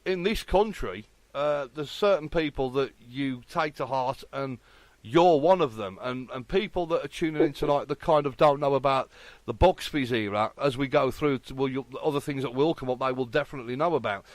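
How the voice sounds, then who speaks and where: A man's voice: mid-range voice, moderate pace, no room sound. A man hosting a radio interview, eager and full of praise, often restarting his sentences. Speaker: radio host. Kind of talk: casual interview.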